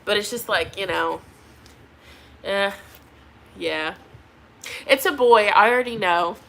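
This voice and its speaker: A woman's voice: mid-range voice, takes it slowly, gravelly, a bit bright, slight background noise. A pregnant young woman doing a tarot reading, chatting casually with viewers and laughing often. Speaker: tarot reader.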